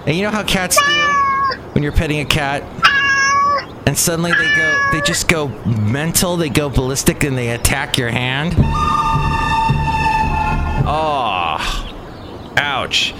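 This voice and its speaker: A man's voice: a little high, wildly swooping pitch, normal speed. Brief: chatty Californian man, wry solo podcast host, traffic noise in the background. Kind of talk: casual rambling monologue.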